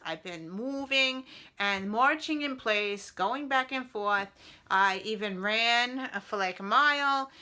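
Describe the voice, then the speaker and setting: Bright, chatty middle-aged woman vlogger. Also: mid-range voice, smooth. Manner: rambling and chatty, with many fillers. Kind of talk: casual vlog chat.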